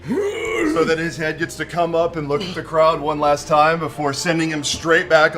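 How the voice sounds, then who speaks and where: A man playing a tabletop game, excitable, with loud outbursts and laughter. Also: on the high side, moderate pace, music in the background. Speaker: player.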